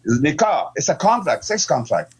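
Guest: man, a bit high, earnest, slow explainer. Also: big pitch swings. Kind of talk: casual group chat.

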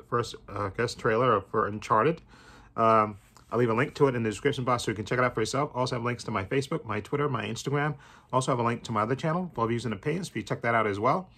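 A man's voice: medium pitch, fast, fairly bright tone. A middle-aged man hosting a trailer reaction channel, talking casually, rambling with fillers and chuckling as he goes.

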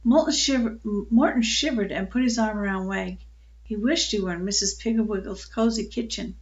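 An older woman reading a children's book aloud, telling it in a calm, unhurried way with small slips. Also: mid-range voice, lo-fi sound. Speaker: storyteller.

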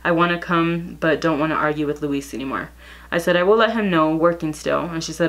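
A woman's voice: on the low side, brisk. A young woman telling a gossip story in a casual vlog, reading out text messages in a blunt, profane way.

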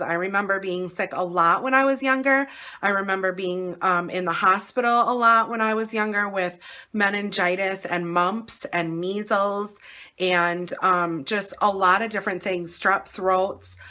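A hoarse, short-of-breath woman with an Upper Midwest American accent, chatting casually in a home vlog with lots of fillers. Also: medium pitch, pushed and bright. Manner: rambling, chatty, many fillers. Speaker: vlogger. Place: at home indoors.

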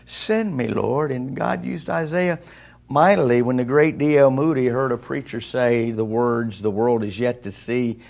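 A man's voice: medium pitch, fairly even intonation, moderate pace, vocal fry, darkish tone. A man preaching a sermon in a church, in a conversational way that keeps asking the congregation questions. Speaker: pastor. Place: church sanctuary.

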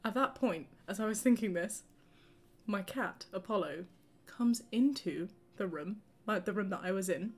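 A woman co-hosting a game stream, chatting casually and telling an animated story with frequent laughter. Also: mid-range voice, moderate pace, slightly rough. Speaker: gaming streamer co-host. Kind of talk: casual chat while playing.

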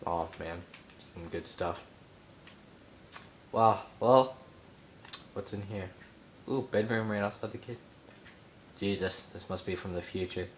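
A young man giving excitable let's play commentary, yelping and mock-outraged as he explores. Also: deep voice, a little slow, long pauses, background noise. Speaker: gamer.

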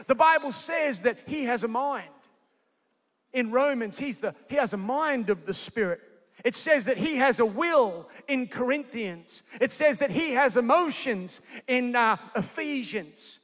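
A man preaching a sermon live in a large convention centre, energetic and jokey, calling out to the crowd. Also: extremely high pitch, unhurried. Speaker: pastor. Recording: echoey convention hall.

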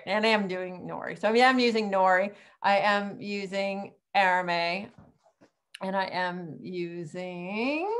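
A middle-aged woman teaching an online cooking class in a chatty, rambling way, with frequent ums and laughs. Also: medium pitch.

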